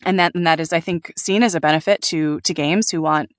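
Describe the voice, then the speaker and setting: Animated woman voice actor, dry sound. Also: low voice, fairly quick, dry recording. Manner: animated, laughs often, trails off and restarts. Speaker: voice actor guest. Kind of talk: casual interview talk.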